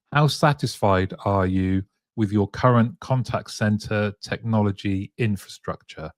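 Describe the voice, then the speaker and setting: A man's voice: on the low side, a little mellow, no room sound, clean studio sound. A man hosting a casual live-streamed talk show, chatting, reading out viewer comments and often chuckling. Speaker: show host.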